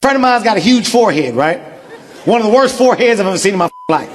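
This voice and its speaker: A man telling a stand-up story in a punchy, animated way. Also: high voice, fast talker, long reverb tail. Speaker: stand-up comic. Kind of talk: stand-up routine. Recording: club set with loud audience and noise.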